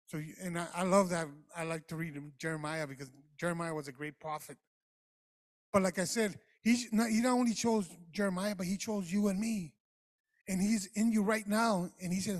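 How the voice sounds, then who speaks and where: A man with a strikingly high voice preaches to his congregation. He talks straight to the people in front of him and builds to impassioned shouts. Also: moderate pace. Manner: passionate, rising to shouts; addresses the congregation directly. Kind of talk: sermon.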